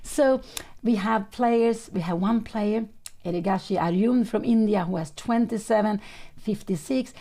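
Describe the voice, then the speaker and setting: Gravelly-voiced woman commentating chess. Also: mid-range voice, a little slow, dark tone. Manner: analytical, thinking aloud with frequent self-corrections; non-native English phrasing. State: slightly rough early-morning voice, clearing throat.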